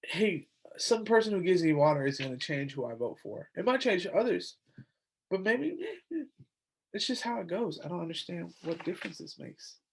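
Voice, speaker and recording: A man's voice: high-pitched, very animated, moderate pace, vocal fry, slight background noise. Tired, rambling young male podcaster. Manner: rambling, indignant, many fillers and restarts. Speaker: podcast host. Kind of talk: casual solo commentary.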